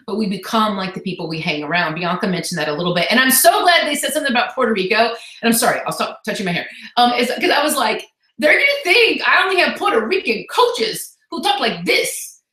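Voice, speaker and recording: A woman who leads a fitness business team, giving an energetic, chatty, motivational talk on a video call. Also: medium pitch. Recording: echoey room from far off.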